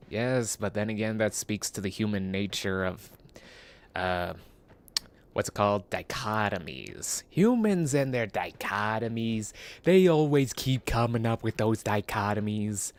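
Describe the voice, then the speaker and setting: A man's voice: lowish voice, lively intonation, a little slow. A man streaming a game, musing in a casual, rambling way with self-mocking asides. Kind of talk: casual rambling gameplay commentary.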